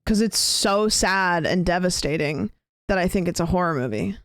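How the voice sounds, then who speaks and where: A woman's voice: fairly low pitch, expressive, normal speed, fairly bright tone, no room sound, studio quality. A young woman streaming a game, chatting with viewers in a rambling, casual way. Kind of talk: casual gameplay chat.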